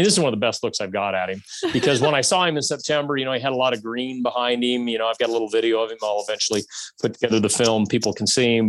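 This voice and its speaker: In a mid-range voice with no echo, a man tells a hunting story casually and animatedly. He acts out the shots and snippets of dialogue.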